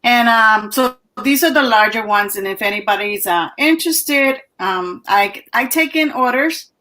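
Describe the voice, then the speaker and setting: A woman's voice: on the high side, measured pace, pushed and bright. A woman on a video call, showing her handmade clay pieces in a chatty, breathless way with little laughs. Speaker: guest artisan. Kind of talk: casual show-and-tell.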